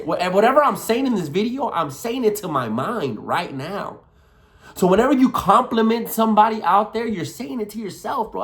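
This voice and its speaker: A young man giving a hyped motivational talk, slangy and full of swearing, often leaping up in pitch to act out affirmations. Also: fairly bright tone. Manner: hyped, slangy, swears a lot, swings pitch wide when acting out affirmations. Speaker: self-help coach.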